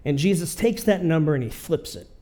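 A man's voice: a little high, animated, a little fast, dark tone. A man preaching a sermon in a conversational way, often checking in with his listeners. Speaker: pastor.

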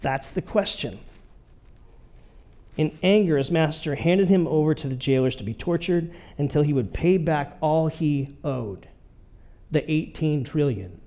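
A man's voice: fairly high pitch, animated, unhurried, mellow. A man preaching a sermon in a conversational way, often checking in with his listeners. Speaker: pastor.

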